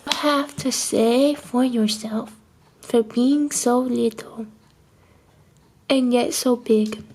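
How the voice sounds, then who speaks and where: A woman's voice: on the high side, fairly even intonation, slow pace, a little mellow, slightly rough. A woman filming her kitten at home, talking to it in gushing baby talk and laughing often. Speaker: pet owner vlogger. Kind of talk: casual home video narration.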